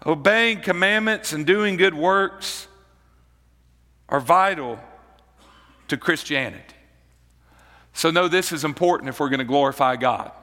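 A man preaching a sermon as pastor, slow and deliberate, repeating key phrases for emphasis. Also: a little high, pushed and bright, long reverb tail.

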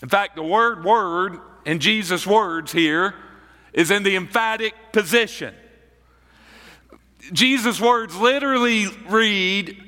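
A man preaching a sermon as pastor, slow and deliberate, repeating key phrases for emphasis. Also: high-pitched, pushed and bright, long reverb tail.

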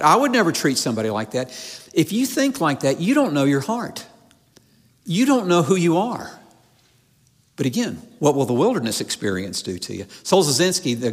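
Earnest male preacher in a reverberant hall. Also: mid-range voice. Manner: earnest preaching with repeated phrases and restarts. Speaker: pastor. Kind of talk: sermon. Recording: long reverb of a large hall.

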